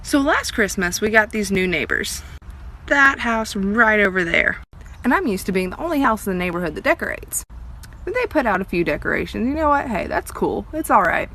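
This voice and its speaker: A woman's voice: mid-range voice, expressive, fairly quick, sharp tone. A woman telling a story with wry bragging while filming outdoors in her yard on a phone. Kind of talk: casual storytelling to a phone camera.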